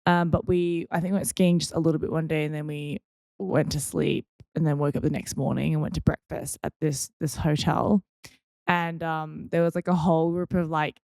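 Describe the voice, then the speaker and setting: A woman's voice: deep voice, vocal fry, a little mellow, no echo, clean studio sound. A young woman host chattily telling funny stories on her podcast, with lots of fillers and self-mocking asides. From Australia. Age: young adult. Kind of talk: casual storytelling.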